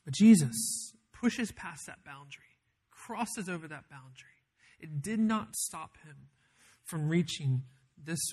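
A man preaching a sermon as pastor, telling a story with emphatic build-ups and dramatic pauses. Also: sits high, fairly bright tone.

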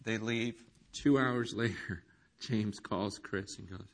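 A middle-aged man preaching a sermon, telling a story with acted-out quotes that swing from hushed to shouting. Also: lowish voice, takes it slowly. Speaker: pastor.

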